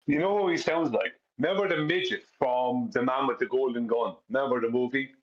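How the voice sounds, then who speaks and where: A man's voice: mid-range voice, a little fast. A man on a voice call with a dry, joking manner. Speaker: panelist. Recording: lo-fi voice-call audio.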